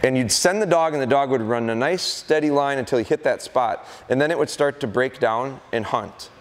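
A man's voice: medium pitch, fairly quick. Man, middle-aged, dog trainer, live seminar, anecdotal storyteller, echoing event hall. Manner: anecdotal, acts out dogs and owners. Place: event hall at a deer festival. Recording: long reverb of a large hall.

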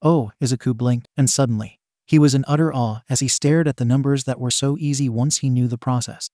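Male fanfic narrator, steady and gentle, mellow tone, dry close sound. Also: medium pitch, fairly quick, dry recording. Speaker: story narrator. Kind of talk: fan-fiction audiobook narration.

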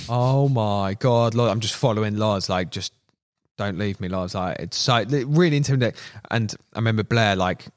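A young man, a podcast guest, telling stories in casual slang and acting out what people said. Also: fairly low pitch. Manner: animated, slangy, acts out quotes. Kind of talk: casual storytelling.

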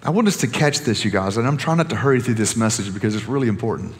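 A man preaching a sermon as pastor, animated and joking with the congregation, often restarting his sentences. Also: on the low side, quick pace, hardly any pauses, in a large hall.

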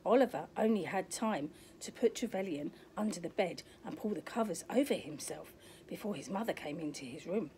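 An older woman reading a children's picture book aloud, pausing to point at pictures and ask the child questions. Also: on the low side, expressive, dark tone, a little hiss or hum. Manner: asks the young listener questions, points at pictures. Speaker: storyteller.

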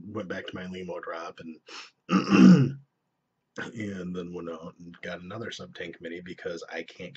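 A man's voice: deep voice, husky. A young man giving a casual, rambling, profane review of vaping gear at home, often breaking off mid-sentence. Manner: rambling, profane, self-interrupting. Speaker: vlogger reviewing vape gear. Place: indoors at home. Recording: dull lo-fi camera audio.

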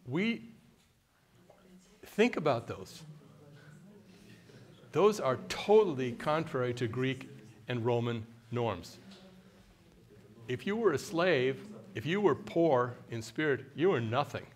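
An older man speaks at a conference workshop in a loose, conversational way. He keeps turning to his listeners with questions, and now and then he mimics a haughty, deliberate voice. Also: medium pitch, animated. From United States. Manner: conversational, quizzes audience with questions.

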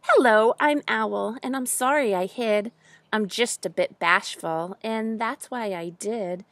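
A woman voicing a bashful, gentle owl in a children's storybook, speaking softly and apologetically. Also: fairly high pitch, slow. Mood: apologetic. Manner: soft, apologetic.

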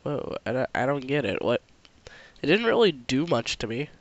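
A man's voice: medium pitch, very animated, moderate pace, muffled recording. A young man with a stuffy cold, casually commenting on his own gameplay as a channel host, chatty and self-mocking. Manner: chatty, self-mocking, talks to himself while playing.

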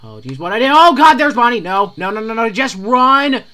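Bright, lively, panicky game commentator. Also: mid-range voice, normal speed. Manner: stammering, panicky, repeats words in bursts. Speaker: gamer playing a horror game. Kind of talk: casual gameplay commentary.

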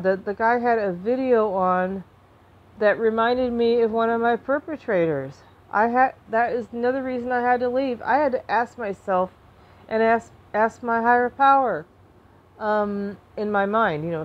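A woman talking to camera in an emotional personal monologue, impassioned, restarting and repeating herself, flaring into anger and then softening. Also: mid-range voice, moderate pace, dull audio. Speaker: vlogger.

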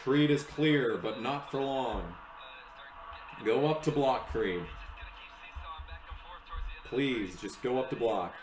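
A young man giving live reaction commentary to a race, excitable and swearing, yelling at the screen. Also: medium pitch, slow pace, long pauses, roomy sound, poor audio.

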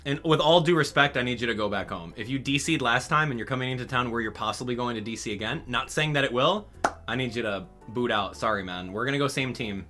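A man hosting a gaming channel, talking straight to his viewers in an exasperated, animated way during live game commentary. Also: mid-range voice, fast talker, faint music behind.

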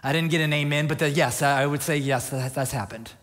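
A man's voice: fairly high pitch, fairly even intonation, fairly quick, a bit bright. A male pastor preaching a conversational sermon with a Midwest American accent. He repeats phrases and asks the congregation questions. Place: church sanctuary. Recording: long reverb of a large hall.

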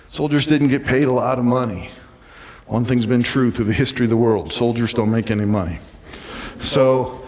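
A man preaching a sermon in a church, lively and dramatic, sometimes acting out the voices of a crowd. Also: medium pitch, big-room sound. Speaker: pastor. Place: church sanctuary.

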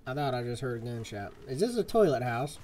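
A man streaming a western game live, chatting casually and swapping swear words for softer ones. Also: medium pitch, big pitch swings, quick pace, slight background noise. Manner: chatty, swaps swears for "fudge". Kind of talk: live gameplay commentary. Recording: game music behind the voice.

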